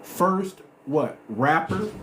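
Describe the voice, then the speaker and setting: A man hosts a casual live stream in slangy, emphatic talk, circling back to his points. His voice sits a little high for a man. The room rings with echo over a faint hiss. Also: lively intonation, very slow, a bit bright. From United States. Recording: roomy echo, faint noise.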